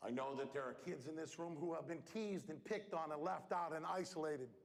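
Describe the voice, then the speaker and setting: A man giving a lively, jokey motivational talk to students at a school assembly, working the crowd. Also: brisk. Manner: animated, punchy, jokey crowd work with big shifts in pitch. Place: large school hall. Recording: reverberant school hall.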